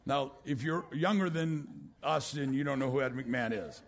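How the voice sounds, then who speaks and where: An older man preaching a sermon as a pastor, swinging from loud exclamations down to a hushed voice. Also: mid-range voice, normal speed, a faint crowd, a little hiss or hum. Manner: rising to loud exclamations, then dropping to a hush.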